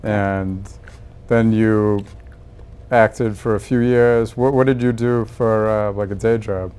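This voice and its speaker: A man hosting a talk show, asking short prompting questions and answering with quick backchannels in a casual interview. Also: on the low side, fairly even intonation, a little mellow, clear, resonant tone.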